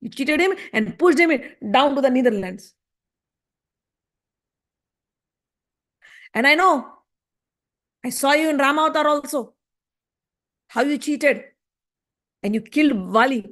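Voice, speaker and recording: A woman's voice: sits high, expressive, moderate pace, long pauses, a bit bright. A woman acting out a furious, heartbroken young woman who scolds and accuses in a raised voice. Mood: accusing.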